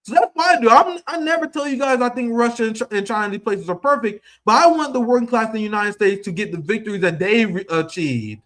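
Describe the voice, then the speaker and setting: A man in his thirties giving heated, profane political commentary, with a combative, ranting delivery that swings between loud outbursts and low asides. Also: quick pace, hardly any pauses. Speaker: political streamer.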